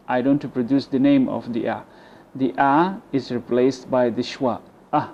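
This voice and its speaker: An Egyptian man gives an English pronunciation lesson, slowly and carefully drawing out the words he models and letting his voice sink at phrase ends. His tone is dark and mellow. The recording is dull and lo-fi, with a faint hiss underneath. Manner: slow, deliberate model words, drops low at phrase ends.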